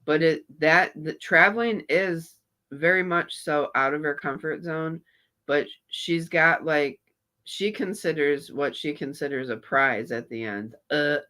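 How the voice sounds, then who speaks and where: A man's voice: a little high, measured pace, pushed and bright. A man doing live reaction commentary on a clip, mocking and sarcastic, greeting viewers in chat. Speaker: reaction streamer.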